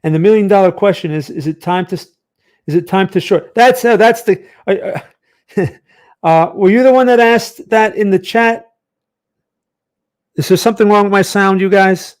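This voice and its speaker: A man's voice: high-pitched, moderate pace, pauses often. A man hosting a live market analysis stream, chatty and tired, who often asks "right?" and talks close to a microphone. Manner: chatty, reads viewer chat aloud, asks "right?" often. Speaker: trading channel host. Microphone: close studio microphone.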